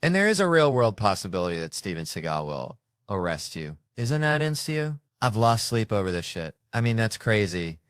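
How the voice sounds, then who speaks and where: Male stand-up comic, low voice, dry close mic, animated storyteller. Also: moderate pace, few pauses, smooth, no room sound. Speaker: stand-up comedian. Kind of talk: stand-up comedy. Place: comedy stage. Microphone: handheld stage microphone.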